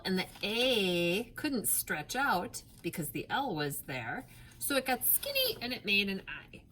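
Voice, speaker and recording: Woman teacher, phonics lesson, slow and deliberate, patient, faint room hiss. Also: a little high, fairly bright tone. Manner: slow, clear, patient, stretches out sounds. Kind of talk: phonics lesson for young children.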